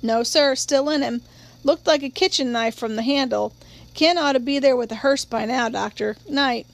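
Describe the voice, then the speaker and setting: A woman's voice: high-pitched, moderate pace, vocal fry. A woman reading a stubborn small-town sheriff. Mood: firm.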